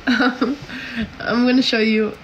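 A woman's voice: on the high side, fairly bright tone, slight background noise, low-quality recording. A woman from Canada hosting a casual livestream, reading viewer comments aloud and answering them in a chatty, giggly way full of "like"s and "um"s.

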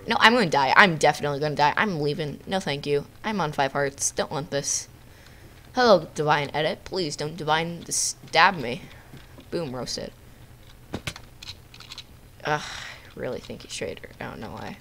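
A woman giving playful, jokey live commentary on her own gameplay, with quick outbursts at the game. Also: low voice, a bit bright. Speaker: gamer narrating her own video.

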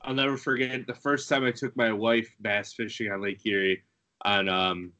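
Low, bright-voiced chatty man. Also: little pitch movement, moderate pace. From Buffalo area, USA. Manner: chatty, laughs through his stories. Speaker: guest angler. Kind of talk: casual podcast chat.

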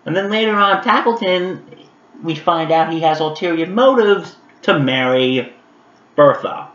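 Man, casual review vlog, chatty, fairly high voice, echoey room, dull lo-fi sound. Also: a little slow. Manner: chatty and animated, many fillers, talks straight to viewers. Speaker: vlogger reviewing animated specials.

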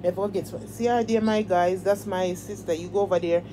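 A woman's voice: on the low side, fairly even intonation, brisk, noisy background. A woman hosting a casual livestream, talking in a fervent, repetitive, preacher-like way and pleading with her viewers. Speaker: livestream host.

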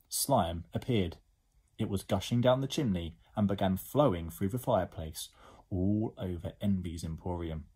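Male reader, husky, lively, lower voice, school story time. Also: normal speed. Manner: expressive, animated. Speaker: teacher. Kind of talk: storybook reading aloud.

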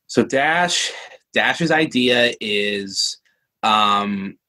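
A man's voice: fairly low pitch, animated, very slow, sharp tone, low-quality recording. A man co-hosting a casual review chat, riffing and joking on tangents. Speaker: co-host reviewing a cartoon episode.

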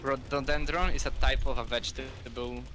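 Ein Mann mit polnischem Akzent, Polnisch als Muttersprache, der beim Spielen locker plaudert und seine Mitspieler neckt. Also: male voice, mid-range voice, fairly even intonation, moderate pace. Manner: joking, teasing banter. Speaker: streamer playing a tank game. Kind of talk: casual gaming chat. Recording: noisy home mic.

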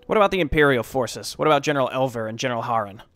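A man's voice: medium pitch, lively intonation, rapid-fire, fairly bright tone, soft background music, lightly acted. A man reading game dialogue as a proud, grieving fantasy king, in a commanding, stern manner.

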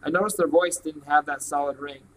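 Man, novel read-aloud, steady, plain delivery, somewhat high voice. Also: a little fast, slight background noise, poor audio. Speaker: reader.

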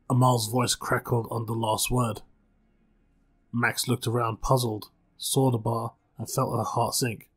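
A man reading a spooky short story aloud with calm, measured narration, as channel host. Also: mid-range voice, husky.

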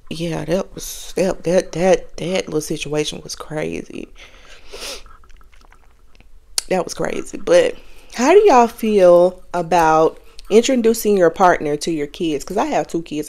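A young adult woman hosting a podcast, talking candidly and casually to her viewers, often laughing. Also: mid-range voice. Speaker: podcast host. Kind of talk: casual confessional chat.

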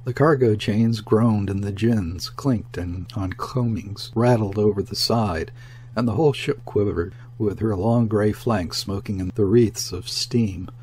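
A man narrating a classic sea novel in a measured, even reading voice. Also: lowish voice. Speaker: audiobook narrator.

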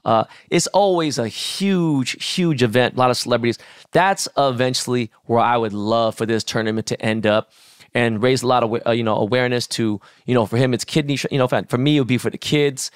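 A middle-aged man co-hosting a podcast, swearing freely and jumping into animated stories. His voice sits at an ordinary pitch, and the room sound is close and dry. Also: a little fast, smooth, dry recording. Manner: profane, animated storytelling. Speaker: podcast co-host. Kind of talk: casual podcast chat.

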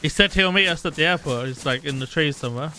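A man's voice: fairly high pitch, fast talker, sharp tone, slight background noise, low-quality recording. A man streaming a game with friends, chatting and bantering casually. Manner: joking banter. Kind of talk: casual gaming chat.

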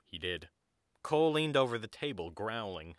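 A man narrating an audio drama in an even storybook manner. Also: fairly low pitch, normal speed, dry recording, studio quality. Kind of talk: scripted narration.

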